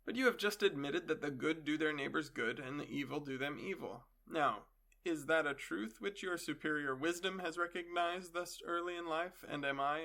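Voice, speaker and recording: A man's voice: fairly high pitch, gravelly, bright, forceful tone. A man voicing an elderly male philosopher on trial, questioning his accuser with dry irony. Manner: questioning, dryly ironic.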